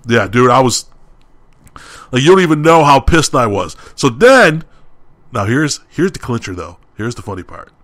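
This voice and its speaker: A man's voice: medium pitch, big pitch swings, moderate pace. Young male podcast co-host, casual storyteller, heated and ranting. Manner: heated, ranting retelling with quoted shouting.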